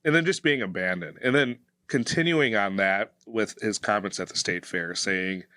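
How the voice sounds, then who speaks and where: A man co-hosting a podcast as a police officer, speaking in a halting way with many pauses and fillers. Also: lowish voice, pushed and bright, no room sound. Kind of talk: casual podcast chat.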